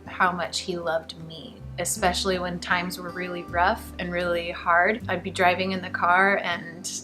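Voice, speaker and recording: A middle-aged woman earnestly telling her personal faith testimony, emotional at times and laughing softly between thoughts. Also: lowish voice, level tone, unhurried. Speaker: guest sharing a faith testimony. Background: background music.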